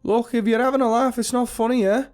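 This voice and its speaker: A man's voice: very high voice, steady tone, fast talker, a little mellow, soft background music, voice pushed up. Man doing an uneasy stranded lad. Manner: uneasy, forced casual calling out. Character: stranded young man, nervous, Liverpool lad.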